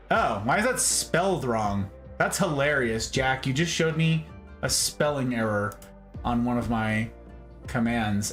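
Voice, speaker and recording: A man hosting a late-night livestream from home, chatting playfully and warmly with his viewers and talking straight to them. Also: on the high side. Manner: playful, animated, talks straight to chat. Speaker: livestream host.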